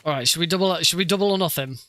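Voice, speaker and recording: A male streamer gives casual commentary on his own gameplay. His voice sits a little high and sounds bright. He jokes about his mistakes and laughs easily. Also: very fast, no room sound. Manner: chatty, self-mocking, laughs often.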